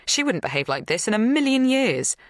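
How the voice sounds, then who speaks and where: A woman narrating a first-person psychological thriller in a measured, tense, intimate way. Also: a little high, very animated, dry recording, studio quality. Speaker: audiobook narrator.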